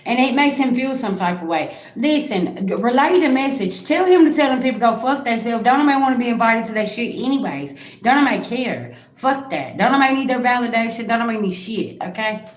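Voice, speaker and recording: A woman's voice: a little high, expressive, fairly quick, hardly any pauses, roomy sound. A woman, giving a blunt, profane psychic reading on a live stream and talking straight to viewers. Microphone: own microphone.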